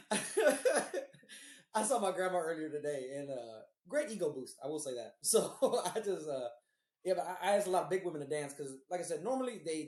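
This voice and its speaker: A man's voice: fairly high pitch, darkish tone, roomy sound. A man co-hosting a podcast, telling rambling, profane stories in casual chat. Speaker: podcast co-host.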